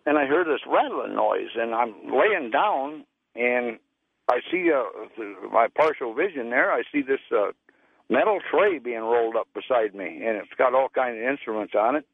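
A man's voice: medium pitch, expressive, normal speed, creaky, breathy edge, dry recording. Folksy male caller on a tinny phone line. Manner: plain folksy storytelling, acts out quoted voices. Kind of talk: telling a personal story by phone.

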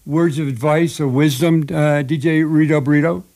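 A man's voice: a little high, steady tone, moderate pace, darkish tone. Laughing man hosting local radio. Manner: jokey, laughs often. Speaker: radio host. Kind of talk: casual radio chat. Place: radio studio.

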